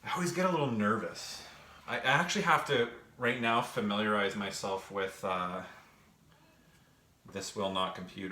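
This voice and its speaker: A young gaming vlogger speaks at a moderate pace with a voice on the low side and a sharp tone, chatting casually on a livestream as he works. Breathless and rambling with fillers, he answers live chat, recorded in an echoey space with faint noise.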